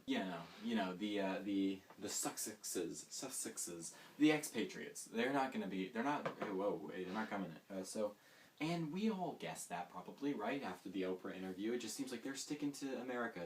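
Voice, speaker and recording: Low-voiced guy rambling through a comedy bit, pokes fun at himself, mic a bit far off with some hiss. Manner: rambling, self-mocking, sarcastic asides. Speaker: host. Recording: distant mic with faint hiss.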